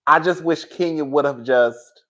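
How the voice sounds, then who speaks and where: Sassy male reviewer, slightly high voice, animated and laughing. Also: measured pace. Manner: sassy, animated, laughing often, drags words for effect. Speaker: reality TV reviewer. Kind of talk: casual reaction commentary.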